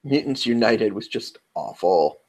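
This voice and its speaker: Chatty New York podcast co-host. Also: male voice, on the low side, lively intonation, unhurried, a little mellow. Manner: chatty, rambling, self-interrupting. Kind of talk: casual round-table chat.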